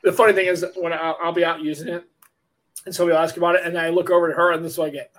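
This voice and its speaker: A middle-aged American man co-hosting a podcast, talking in an excitable way, swearing freely and laughing often. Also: a little high, rapid-fire. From United States. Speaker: podcast co-host. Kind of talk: casual chat.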